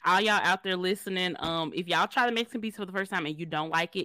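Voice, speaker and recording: A woman's voice: lowish voice, fast, dry recording. A young woman co-hosting a podcast, chatting casually and talking playfully to listeners. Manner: lively, playful, addresses listeners directly. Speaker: podcast co-host. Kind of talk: casual chat.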